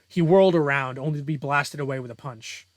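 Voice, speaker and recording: A man's voice: on the high side, fairly quick, dry recording. A young man reading his own story aloud and breaking off for casual, self-deprecating author commentary.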